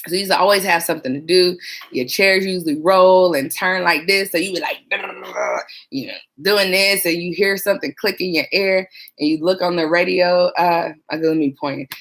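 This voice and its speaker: A woman's voice: fairly low pitch, a little fast, fairly bright tone. A woman who worked as a police dispatcher, chatting casually to viewers about trainees and acting out coworkers. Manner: chatty, laughing, mimics people. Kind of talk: casual livestream chat.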